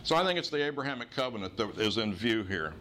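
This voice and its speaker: A man's voice: on the low side, animated, sharp tone, a little hiss or hum. Man teaching a Bible lesson. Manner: measured, explanatory teaching. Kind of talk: Bible study lecture.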